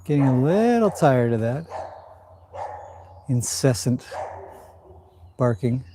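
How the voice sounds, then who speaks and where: A man works a horse in an indoor arena and narrates it calmly for a livestream, alternating between talking to the horse and to viewers. His pitch is medium, he speaks slowly, and background noise can be heard.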